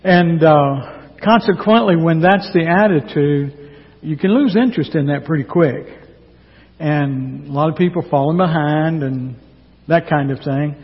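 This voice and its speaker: A man's voice: fairly high pitch, slightly rough. Folksy man preaching in a reverberant hall. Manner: folksy, earnest, slow emphatic delivery. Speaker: pastor. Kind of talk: team-preached sermon. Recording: dull lo-fi sound with long church reverb.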